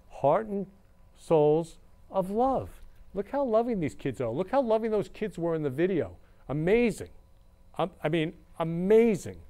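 A man's voice: fairly high pitch, darkish tone. Gushing, emotional male show host. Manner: effusive and emotional, repeating words of love. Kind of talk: casual livestream talk.

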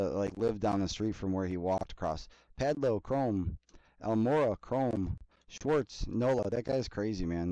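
A man hosting a card break, reading player names in a steady list between casual chatty asides. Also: fairly low pitch, dry recording, poor audio. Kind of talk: casual running commentary while opening card packs.

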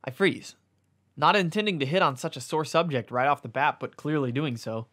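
A man reading a comic erotic novella aloud, mostly deadpan but stopping for amused asides and corrections. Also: on the high side, a little fast. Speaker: reader.

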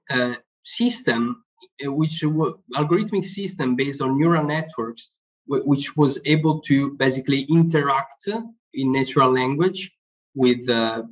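A man's voice: a little high, rough recording. A man, an author explaining his ideas in a live online discussion, often repeating words as he searches for phrasing. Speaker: author being interviewed.

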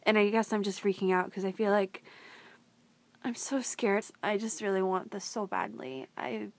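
A woman's voice: medium pitch, moderate pace. A woman in her twenties vlogging casually in her bedroom, rambling with lots of fillers. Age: 20s. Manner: chatty, rambling, filler-heavy. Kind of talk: casual confessional vlog.

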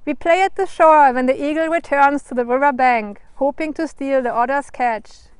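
A woman from Germany with a German accent, reading her picture book aloud in a gentle, careful way, trying out Cree words. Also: sits high, normal speed, no room sound. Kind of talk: storybook reading.

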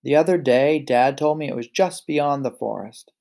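A man's voice: mid-range voice, normal speed, creaky, darkish tone, close to an everyday voice. A man doing a plaintive little pig. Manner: plaintive, earnest. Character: small, whiny young male pig.

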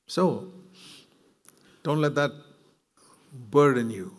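A man's voice: mid-range voice, takes it slowly, long pauses. A man preaching a sermon, earnest and reflective, with bursts of emphatic, rising delivery. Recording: long hall reverb.

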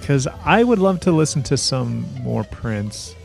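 A man's voice: medium pitch, big pitch swings, gravelly, over music. A man co-hosting a podcast, chatting casually about singers, often restarting his sentences with filler words. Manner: talks in quick bursts with many fillers and restarts. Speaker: podcast co-host. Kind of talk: casual chat.

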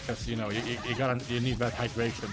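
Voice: medium pitch, little pitch movement, quick pace. A young adult streamer giving casual commentary during a match, joking, laughing at their own jokes and swearing freely. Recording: game music playing behind.

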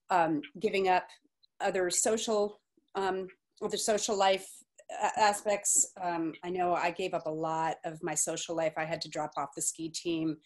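A woman with a slightly low voice leads an online session. She reads questions aloud and gives frank, practical tips in a chatty, down-to-earth way. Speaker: moderator of the session. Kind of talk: casual advice and moderating.

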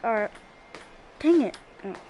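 A woman talks through a game in a high, lively voice, swinging from muttered frustration to excited shouts. She speaks at an unhurried pace between bursts of trash talk, with faint music playing behind her. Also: lo-fi sound. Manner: excitable, trash-talking, frequent exclamations. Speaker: gamer. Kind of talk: casual gameplay commentary.

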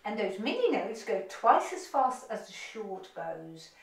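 A woman's voice: mid-range voice, very animated, measured pace, distant mic. Upbeat woman violin teacher, roomy echo. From United Kingdom. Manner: encouraging, upbeat instructions. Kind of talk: online music lesson.

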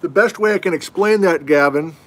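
A middle-aged man runs a casual geology livestream from home, answering viewers with folksy, self-deprecating humor. His voice is on the high side and fairly quick, with slight background noise.

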